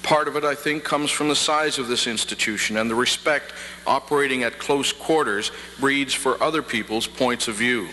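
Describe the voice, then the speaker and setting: A middle-aged man from Prince Edward Island giving a formal convocation address at a podium, with measured pacing and dry humor. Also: mid-range voice, sharp tone. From Prince Edward Island, Canada. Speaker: convocation speaker. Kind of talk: formal ceremonial address with jokes. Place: large hall. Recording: reverberant hall, faint hum, 1990 archive.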